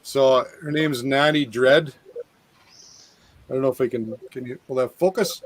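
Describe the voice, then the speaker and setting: Slow-talking man in casual chat. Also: mid-range voice, no echo, poor audio. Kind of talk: casual chat on a live stream.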